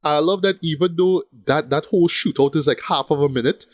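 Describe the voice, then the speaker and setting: A man's voice: on the high side, brisk, no echo. A man co-hosting a casual film podcast, retelling scenes in an easygoing way and checking in with "right?". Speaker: podcast co-host.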